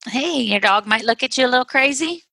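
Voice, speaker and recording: High-pitched and brisk, with vocal fry, a woman co-hosting a podcast tells lively stories and laughs frequently during casual conversation. The recording has no room sound.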